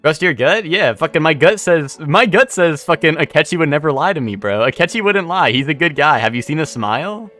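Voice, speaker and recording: A man's voice: a little high, expressive, brisk, few pauses, fairly bright tone, soft background music. A man streaming a video game, rambling in casual commentary, swearing often and repeating himself.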